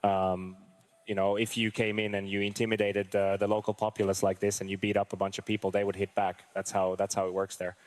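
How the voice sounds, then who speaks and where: A man's voice: lowish voice, completely flat delivery, brisk. A male military veteran in a street interview, talking earnestly and hesitantly, thinking aloud as he goes.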